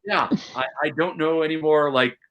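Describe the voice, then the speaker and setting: A man from Chicago, a comedian, telling a fan memory in casual chat with rising excitement and self-mocking asides. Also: on the high side, moderate pace, clean tone, lo-fi sound. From Chicago, USA. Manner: animated, builds tension, self-mocking. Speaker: podcast guest, comedian.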